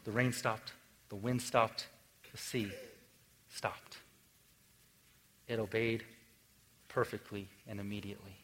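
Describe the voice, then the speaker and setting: A man preaching a sermon in a casual, conversational way, moving between lively emphasis and quiet, hushed stretches. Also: lowish voice, takes it slowly, pauses often, slight background noise, low-quality recording. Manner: conversational, swings from energetic to hushed. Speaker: pastor.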